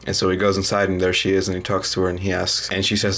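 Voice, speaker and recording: Low-voiced young man, halting storyteller. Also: monotone, a bit bright. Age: young adult. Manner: halting, full of ums and restarts. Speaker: student. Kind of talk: casual story retelling.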